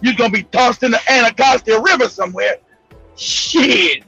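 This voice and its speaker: A man with a Los Angeles accent telling a profane street story as a show host, animated, loud and laughing often. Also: very high-pitched, moderate pace, creaky, husky, lo-fi sound, soft background music. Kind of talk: storytelling monologue.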